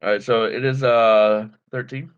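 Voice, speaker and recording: A man chatting casually as a tabletop game player, asking quick questions about dice rolls. His voice is plain and mid-pitched. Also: steady tone, smooth, lo-fi sound.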